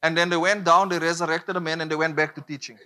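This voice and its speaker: A man's voice: on the high side, little pitch movement, fast talker, pushed and bright. A man preaching a sermon, emphatic and repetitive, drawing call-and-response from the congregation.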